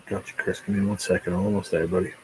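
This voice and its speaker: A man's voice: deep voice, flat delivery, quick pace, slight background noise, poor audio. A man hosting a casual live stream, rambling easily and chatting while he eats. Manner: rambling, easygoing, talks while eating. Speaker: livestream host.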